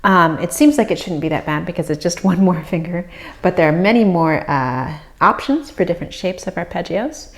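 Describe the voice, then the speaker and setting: A woman harp teacher calmly explaining practice techniques, with soft fillers between phrases. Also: lowish voice, normal speed. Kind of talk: instructional explanation. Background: harp playing.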